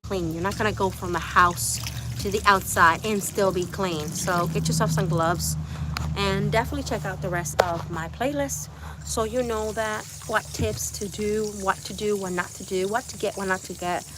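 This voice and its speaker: A woman with a medium-pitched voice, speaking at a normal pace, hosts a casual livestream from her backyard chicken coop. She chats with viewers, repeats herself and coos to her animals, on a noisy outdoor phone stream.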